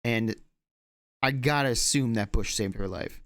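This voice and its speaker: A man recounting a mishap to his co-host in a loose, rambling way, stumbling over words and swearing as he goes. His voice sits mid-pitch and the recording is close and dry, with no room sound at all. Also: a little slow, a bit bright, dry recording. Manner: rambling, many fillers and restarts, swears freely. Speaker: podcast co-host. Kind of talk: casual storytelling chat.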